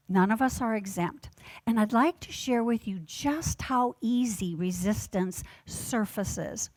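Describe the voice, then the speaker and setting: Woman, minister, sermon, unhurried delivery, gently measured storytelling, dry close sound. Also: fairly high pitch, no echo.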